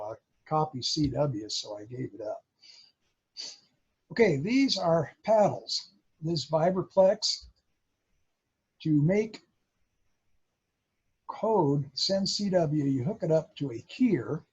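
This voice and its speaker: Slow, raspy-voiced man explaining. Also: fairly high pitch, dull audio. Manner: explaining, imitating Morse sounds. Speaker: presenter at a radio club. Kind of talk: show-and-tell talk.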